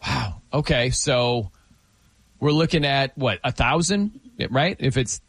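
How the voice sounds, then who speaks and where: A man hosting a casual late-night chat on a studio mic. He talks in an animated way and exclaims often. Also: medium pitch, slow, slightly rough, dry recording. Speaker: radio host.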